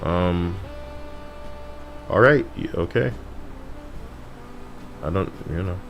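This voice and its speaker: Young guy streaming, low voice, rambly, chats with viewers, faint music. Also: slow pace. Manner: rambling, apologetic, talks to chat. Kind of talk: casual game stream commentary.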